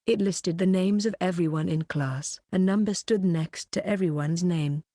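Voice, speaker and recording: Woman narrating steadily, low mellow voice. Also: normal speed, no room sound, studio quality. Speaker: audiobook narrator. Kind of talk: scripted narration.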